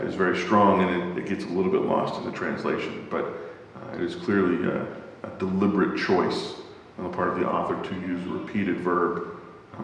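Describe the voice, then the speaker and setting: Deep-voiced man teaching in an echoey hall. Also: a little hiss or hum. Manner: thoughtful, searches for words, many fillers. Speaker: Bible class teacher. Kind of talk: church Bible class lecture. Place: church classroom.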